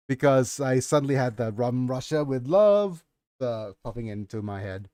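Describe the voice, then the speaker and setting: A Nigerian-accented man, a streamer and author, reads his own fantasy novel aloud on a livestream, often breaking off to comment and laugh at himself. His mid-range voice is mellow, with lively intonation at a moderate pace. The recording is dry and clean, studio-quality.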